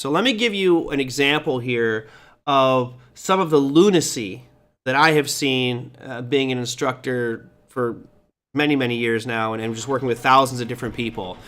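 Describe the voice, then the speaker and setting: Animated, joking male host. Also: mid-range voice, moderate pace. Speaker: host and trading instructor. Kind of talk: casual chat.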